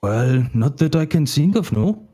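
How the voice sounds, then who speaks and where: A man's voice: mid-range voice, animated, normal speed, warm tone, lightly acted. A man voicing a nervous male wagon driver from a stone quarry, his put-on accent drifting from one to another. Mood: spooked.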